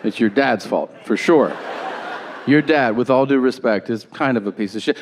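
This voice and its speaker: A man doing stand-up on a comedy stage into a handheld mic, teasing the audience with a slow, drawn-out delivery. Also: mid-range voice, lively intonation, some chatter behind, a little hiss or hum. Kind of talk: stand-up set.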